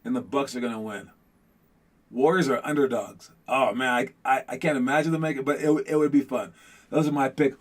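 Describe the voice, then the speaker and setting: A man's voice: mid-range voice, darkish tone. Rambling casual young-sounding male host. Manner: rambling, many restarts and fillers, addresses the audience as guys. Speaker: basketball show host. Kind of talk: casual chat to viewers.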